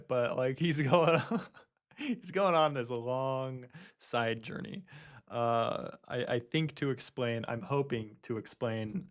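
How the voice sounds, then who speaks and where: A man hosting a reaction show, laughing and commenting on a caller's story. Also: mid-range voice. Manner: laughs often, amused asides. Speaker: host.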